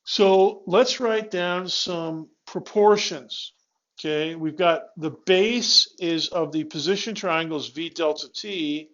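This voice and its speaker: A man's voice: fairly high pitch, slow, fairly bright tone, highs cut off. A male physics instructor giving a classroom lecture, talking students through the steps with restarts and checking questions.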